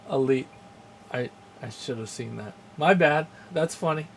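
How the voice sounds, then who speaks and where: A man's voice: on the high side, lively intonation, takes it slowly, gravelly, slight background noise. Chatty, rambling male game streamer. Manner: rambling, chuckles often, greets chat viewers. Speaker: streamer hosting a game channel. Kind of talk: casual live-stream chat.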